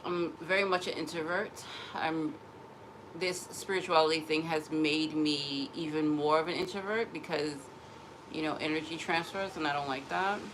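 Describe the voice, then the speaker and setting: A woman's voice: low voice, fairly even intonation, moderate pace, background noise. A woman in a casual personal vlog, rambling emotionally and often restarting her sentences. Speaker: vlogger.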